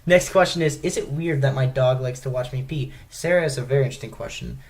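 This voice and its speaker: A man's voice: medium pitch, fast talker, gravelly, darkish tone. A man co-hosting a comedy podcast, ranting in a mock-preachy way in casual banter and tagging his points with "okay?". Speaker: podcast co-host.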